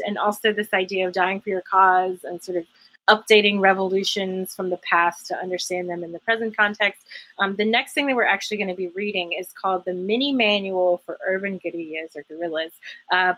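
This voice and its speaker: A woman hosts a podcast in a loose, chatty way, wry in tone and often filling pauses with ums. Her voice sits at a middle pitch. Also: fairly bright tone, rough recording. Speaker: podcast host. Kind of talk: casual podcast chat.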